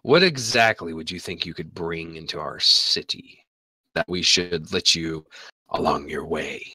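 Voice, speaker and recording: A man voicing a fat, ugly fish-folk priestess, speaking low and menacing in hushed tones. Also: measured pace, breathy edge, dry recording, full character voice, rough recording. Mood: probing.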